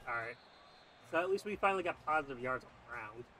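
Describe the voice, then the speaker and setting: A man's voice: mid-range voice, fast talker, a little hiss or hum. A young man commentating his own football video game, muttering play calls and then erupting in frustration. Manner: excitable, swings from muttered play-calling to loud outbursts. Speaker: gaming YouTuber.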